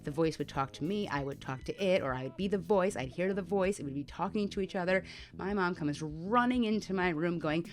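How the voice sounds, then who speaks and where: A woman with a lowish voice telling her own story to camera. She talks candidly and conversationally, with plenty of fillers. Faint music plays underneath. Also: a little fast. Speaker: mental health vlogger.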